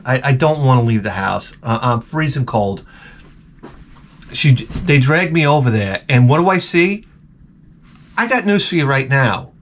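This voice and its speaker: A man's voice: medium pitch, a little hiss or hum. A man sick with the flu, rambling through a casual, profane vlog as host. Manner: profane, rambling, animated storytelling. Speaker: YouTube host.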